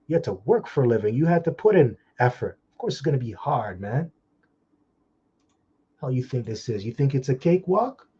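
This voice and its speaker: A man giving an informal scripture talk, blunt and scolding with mocking asides, and reading the verses slowly. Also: mid-range voice, expressive, dark tone, slightly rough, highs cut off. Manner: slow, drawn-out scripture reading. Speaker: preacher.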